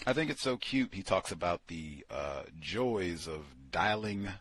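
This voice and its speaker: Lively husky-voiced man. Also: deep voice, a little slow, no room sound. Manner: animated, incredulous, sarcastic asides. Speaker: podcast host. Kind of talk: book club commentary.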